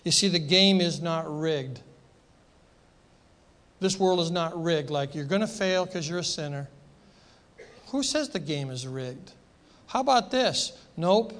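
A man's voice: on the high side, expressive, a little slow, long pauses, fairly bright tone. A middle-aged man preaching a sermon as pastor, passionate and emphatic, repeating phrases for force.

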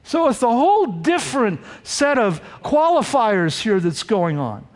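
This preacher's voice is extremely high, and he speaks a little slowly in a hall with long reverb. Going through the text verse by verse, he animatedly performs the lines he quotes.

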